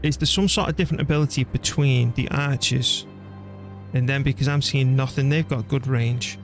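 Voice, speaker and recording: A man streaming a strategy game, chatting casually and thinking out loud as he plays, laughing easily. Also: mid-range voice, normal speed, soft background music. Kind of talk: casual gameplay commentary.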